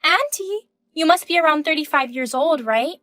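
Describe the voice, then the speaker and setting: A woman's voice: high-pitched, lively intonation, normal speed, pushed and bright, no room sound, pitched above the performer's own voice. A woman voicing a mocking, condescending young woman student in a scripted text-message story. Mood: taunting. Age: 20s. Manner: taunting, condescending.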